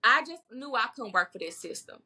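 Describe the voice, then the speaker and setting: A woman with a fairly high, vivid and forceful voice talks candidly as a guest. She is bold and vocal, doubling back on words for emphasis in a relaxed podcast conversation. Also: brisk. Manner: bold, emphatic, repeats words when stressing a point. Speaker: herbalist guest.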